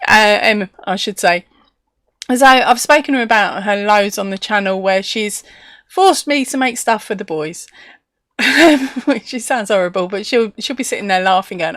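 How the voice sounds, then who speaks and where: A woman's voice: mid-range voice, normal speed, a bit bright, no room sound, clean studio sound. An English woman hosting a crochet live stream from home, chatting casually, laughing often and reading viewer comments aloud.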